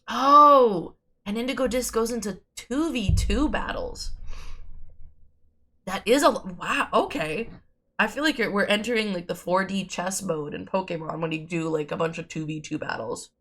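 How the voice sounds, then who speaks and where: A woman's voice: mid-range voice, sharp tone. Chatty sick woman streamer. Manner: chatty, laughs often. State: sick with a sore throat. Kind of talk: casual gaming stream commentary.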